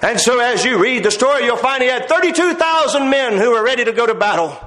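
This extremely high-pitched male voice is expressive and fairly bright, and he talks fast. He delivers a folksy, story-driven sermon with hesitant fillers and wry jokes, recorded in a church sanctuary whose echoey hall rings with long reverb.

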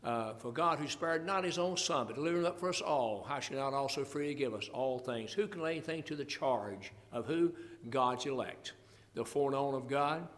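A man's voice: mid-range voice, long reverb tail. An older man preaching a sermon, expounding scripture in an earnest, folksy way. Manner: earnest Bible exposition, folksy asides, quoting scripture.

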